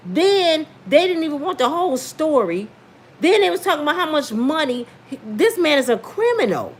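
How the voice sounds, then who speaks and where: Animated sassy woman with a lively voice. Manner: animated, sassy, rising to high exclaims. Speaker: livestream host reading viewer comments. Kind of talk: casual commentary livestream.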